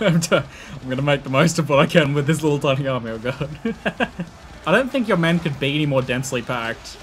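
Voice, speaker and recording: An Australian man narrating and commentating a strategy game he plays, excitable and laughing often, shouting battle orders at his troops. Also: a little high, brisk, slight background noise. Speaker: gaming YouTuber. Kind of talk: let's play commentary and narration.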